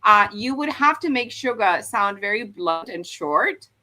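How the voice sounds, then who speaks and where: A woman's voice: medium pitch, expressive, unhurried, sharp tone. A woman hosting a live stream, explaining language points in a chatty way with many fillers and restarts. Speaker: host explaining Korean dialects. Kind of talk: casual live-stream chat.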